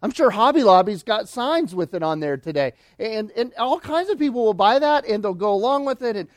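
Male pastor, high-pitched voice, emphatic sermon delivery, dry close sound. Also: expressive, no room sound. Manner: emphatic preaching, slowing and dropping low on key phrases.

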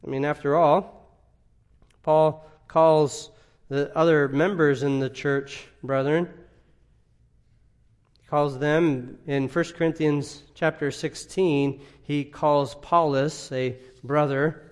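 A man with a somewhat high voice delivers an expository sermon. He asks rhetorical questions and swings between loud emphatic stretches and quiet asides. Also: steady tone, slow pace. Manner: emphatic, rising and dropping in volume, rhetorical questions. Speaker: pastor.

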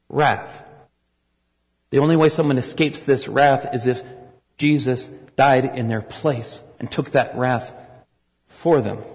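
Brief: American male preacher, mid-pitched, earnest sermon delivery, long hall reverb. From United States. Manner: earnest, rising to forceful emphasis.

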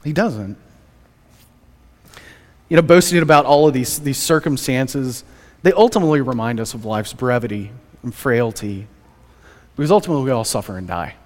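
A man's voice: mid-range voice, moderate pace, pauses often. A man preaching a Sunday sermon as pastor, in a conversational way with joking asides. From United States. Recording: reverberant church hall.

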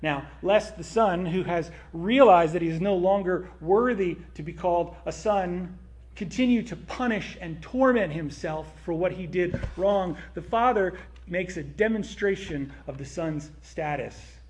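A man's voice: sits high, unhurried, a little mellow. A man preaching a sermon in a conversational way, with frequent asides to his listeners.

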